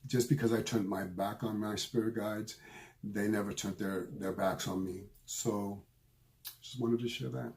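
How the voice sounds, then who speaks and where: A middle-aged man, a spiritual medium, telling a personal story in an earnest, emotional way, often halting and repeating his phrases. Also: lowish voice, fairly even intonation, darkish tone, a little hiss or hum.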